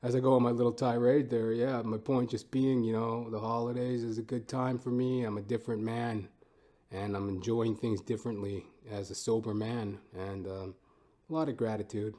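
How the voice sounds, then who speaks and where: A man's voice: on the low side, darkish tone. A man hosting his own podcast, talking in a casual, rambling, profane and self-mocking monologue from home. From Canada. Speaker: podcast host.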